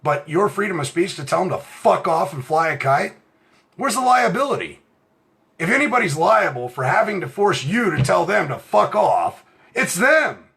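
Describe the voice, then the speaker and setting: This is a middle-aged man from the United States in a heated, profane rant. His voice is bright and slightly high. He swings in pitch, dropping to near mutters and then climbing to full shouts. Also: very animated, moderate pace, creaky. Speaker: self-styled legal rights speaker. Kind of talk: impassioned direct-to-camera rant.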